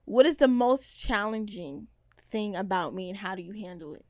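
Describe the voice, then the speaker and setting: A young woman hosting a podcast, chatting casually and joking, jumping between loud bursts and hushed asides. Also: mid-range voice, lively intonation, moderate pace, dry recording, clean studio sound. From Seattle area. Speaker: podcast host. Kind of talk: casual chat.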